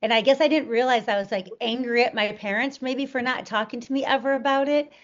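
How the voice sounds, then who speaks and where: Earnest woman telling her story, slightly higher voice. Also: steady tone, a little fast. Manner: earnest, many fillers and restarts. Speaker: interview guest. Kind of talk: candid personal storytelling. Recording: dull lo-fi audio.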